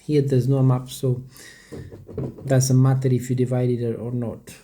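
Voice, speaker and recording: A man's voice: mid-range voice, flat delivery, a little slow, mellow, a little hiss or hum. A man who is not a native English speaker, rambling casually to his viewers with lots of hesitations and restarts. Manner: stumbles over word pronunciation. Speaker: vlogger. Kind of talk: casual talk to camera.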